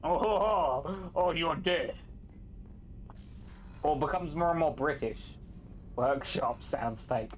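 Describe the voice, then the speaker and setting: A man's voice: on the high side, expressive, measured pace, a little hiss or hum. A man live-streaming a game, chatting casually, joking and teasing as he reads chat aloud.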